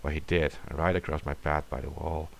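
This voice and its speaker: A man's voice: extremely low pitch, fairly even intonation, brisk, vocal fry, slight background noise. A man reading a classic horror story aloud in a dramatic way, sometimes dropping to a whisper.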